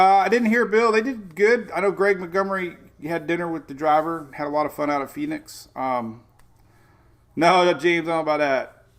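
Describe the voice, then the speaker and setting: A man hosting a weather show, chatting casually and excitably, often saying "man". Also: a little high. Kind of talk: casual live-stream chat.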